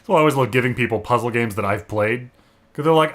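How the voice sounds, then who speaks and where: A man's voice: medium pitch, fast, a bit bright. A young man co-hosting a casual gaming podcast, joking, laughing often and stumbling over words. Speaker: podcast co-host.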